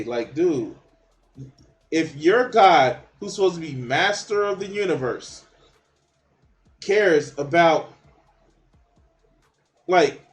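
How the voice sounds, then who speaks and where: Guy ranting over a clip, swearing a ton, high voice bouncing all over, takes his time. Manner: mocking, blunt, swears a lot, laughs at the clip. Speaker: video commentator reacting to a documentary. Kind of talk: profane reaction commentary.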